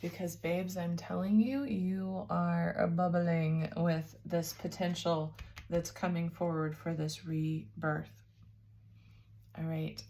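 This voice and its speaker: A woman giving a spiritual tarot reading, talking softly and warmly to the listener, calling them babes and sounding emotional and teary. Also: on the low side, level tone, slow pace, creaky. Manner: soft, nurturing, calls listener babes. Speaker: tarot reader.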